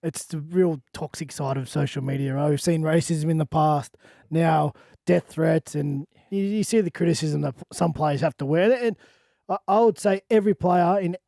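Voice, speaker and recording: A man, a former rugby league player, reflecting on a radio panel in a gravelly, mellow voice. He speaks thoughtfully, at a slightly raised pitch, close to a dry microphone. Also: normal speed, dry recording.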